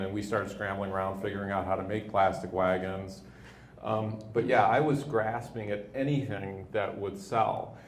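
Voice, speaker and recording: A man in his fifties with a lowish voice recounts his company's history in a relaxed, anecdotal way, often restarting his sentences. The sound is echoey, with a faint hiss underneath. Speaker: company leader, interview guest. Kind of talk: storytelling in an on-stage interview. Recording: echoey room with faint noise.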